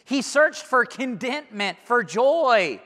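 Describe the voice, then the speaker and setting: High-voiced, emphatic male preacher. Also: big pitch swings, slow, in a large hall. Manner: earnest, emphatic preaching with sudden swings in loudness. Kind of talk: sermon.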